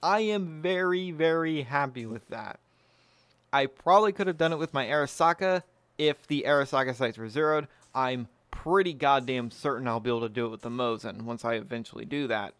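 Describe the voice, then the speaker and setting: A man's voice: mid-range voice, brisk, fairly bright tone, smooth, no room sound. A man hosting his own firearms channel, talking casually and bluntly to camera, swearing freely and pleased with himself. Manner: blunt, profane, self-satisfied.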